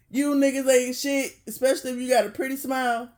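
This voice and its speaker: Talking straight to camera, this vlogger delivers a loose, foul-mouthed rant, frequently laughing and swinging from quiet muttering to sudden loud outbursts. Pitch barely moves, the pace is brisk, and pauses are almost absent.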